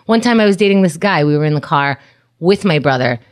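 Brief: woman with a low voice, blunt and profane, casual chat storyteller. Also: lively intonation, fast talker.

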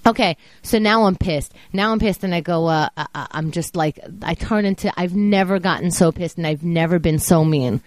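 A woman's voice: fairly low pitch, moderate pace, hardly any pauses, no echo. Foul-mouthed woman ranting animatedly. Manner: animated, profane storytelling. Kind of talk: casual chat.

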